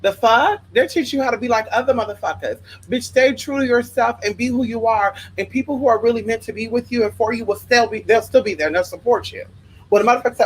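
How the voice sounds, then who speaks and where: A woman's voice: fairly high pitch, fast, slightly rough, low-quality recording. A young woman from Los Angeles hosting a livestream, giving spiritual advice in an emphatic, profane, sassy rant that keeps calling listeners honey. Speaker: livestream host.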